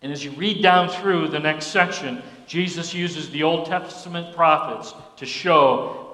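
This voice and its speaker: Pastor, male, high bright voice, slow folksy emphatic preaching, echoey church reverb. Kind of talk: sermon. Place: church sanctuary.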